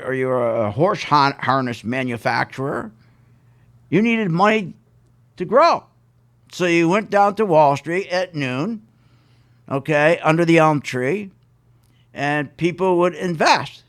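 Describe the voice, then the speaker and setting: A man hosting a live radio show about investing, ranting with emphatic repetition and a sarcastic, mocking edge. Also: a little high.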